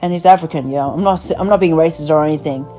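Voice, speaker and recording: A woman's voice: sits low, fast talker, warm tone, faint music behind, rough recording. A woman hosting a podcast over the phone in a blunt, profane casual rant, packed with "you know" and "like," her voice worn out from talking. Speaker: podcast host.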